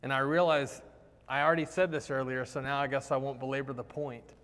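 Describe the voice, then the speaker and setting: A man preaching a sermon in a conversational, animated way, acting out the quoted lines. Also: medium pitch, brisk, smooth. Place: church sanctuary. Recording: long hall reverb.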